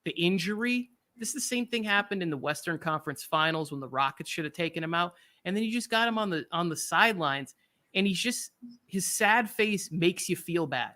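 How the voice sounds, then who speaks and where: A man hosting a sports podcast, talking in an animated, jokey way and slipping into quick impressions. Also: high voice. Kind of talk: casual sports talk.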